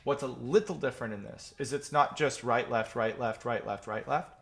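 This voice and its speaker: A man's voice: mid-range voice, normal speed, gravelly, slightly rough. A man teaching piano in a casual question-and-answer lesson, counting patterns aloud while he demonstrates at the keyboard. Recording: loud piano playing behind voice. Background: piano playing.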